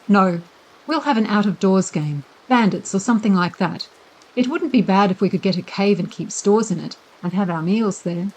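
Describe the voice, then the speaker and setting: Female reader as a clever, overly polite boy, earnest, mid pitch. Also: normal speed, darkish tone, lightly acted, low-quality recording. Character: polite, scheming schoolboy, charming and earnest.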